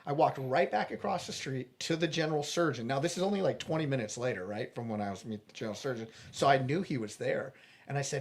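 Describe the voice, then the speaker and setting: A man being interviewed, earnestly retelling a personal story with animated restarts. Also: mid-range voice, fast. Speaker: interview guest.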